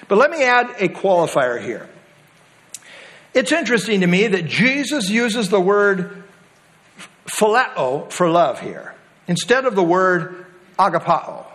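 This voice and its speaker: Brief: male pastor preaching, high voice with wide swings, emphatic and explanatory. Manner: animated, emphatic expository preaching. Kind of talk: sermon.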